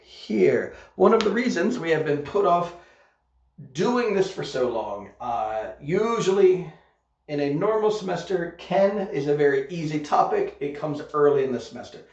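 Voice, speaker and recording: A man's voice: fairly high pitch, sing-song, moderate pace, a little mellow. A man teaching an online English grammar lesson, modeling example sentences carefully and checking in with "okay?" as he goes. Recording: echoey room, dull lo-fi sound.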